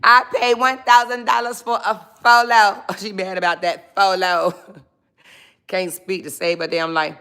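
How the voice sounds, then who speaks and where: A woman's voice: mid-range voice, level tone, a little slow, bright, forceful tone, clean tone. A middle-aged woman on a casual livestream, reading out viewer comments with a sassy, laughing manner and talking straight to her viewers.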